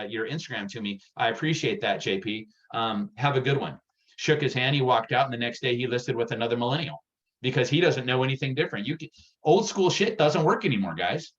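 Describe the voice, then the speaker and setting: A man giving a real estate sales workshop, energetic and direct, getting worked up as he talks. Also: mid-range voice, muffled recording. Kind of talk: workshop presentation.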